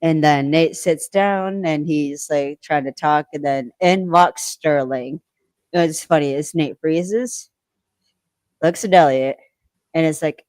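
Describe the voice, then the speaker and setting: A woman co-hosting a podcast, recapping an episode in rambling casual chat and acting out quoted lines, clearing her throat now and then. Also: low voice, takes it slowly, darkish tone, no room sound. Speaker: podcast co-host.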